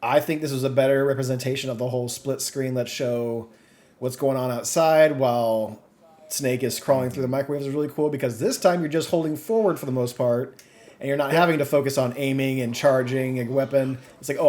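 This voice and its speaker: A man talks quickly and eagerly in a casual game podcast, mid-range in pitch. He swears freely and gets worked up as he reacts to what he played. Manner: fast, excitable, swears freely. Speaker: podcast co-host.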